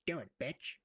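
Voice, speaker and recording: A man's voice: pushed and bright, distant mic. A man in a satirical comedy role-play, making crude jokes and laughing through his lines.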